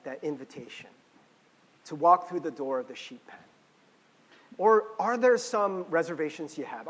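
Male pastor, conversational sermon, high voice, long church-hall reverb. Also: breathy edge. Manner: conversational, animated, many restarts and fillers.

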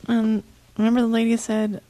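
A woman's voice: on the high side, monotone, a little fast, warm tone, dry recording. A woman co-hosting a casual show over a voice call, telling a story in a chatty way with lots of "like". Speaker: co-host. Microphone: online voice call.

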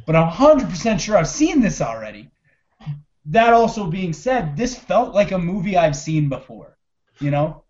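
A man talking through movies with a co-host in loose, animated chat, swearing freely and acting out scenes as he goes. His voice sits a bit high, and the recording sounds dull and lo-fi. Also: moderate pace. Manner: animated, profane, quotes scenes in put-on voices. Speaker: podcast co-host. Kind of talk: casual movie review chat.

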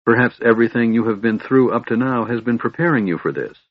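A man's voice: mid-range voice, fast, slightly rough, natural voice. A man playing a firm fatherly cleric. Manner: gentle but firm, fatherly. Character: wise older male cleric, calm and firm. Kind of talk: audiobook reading. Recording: dull dry recording.

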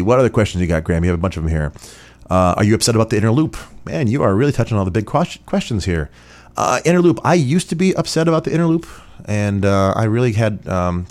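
Answering listener questions on his podcast, a man from Rochester, New York, speaks in a deep voice with a darkish tone. The casual Q&A is rambling and chatty, heavy on fillers.

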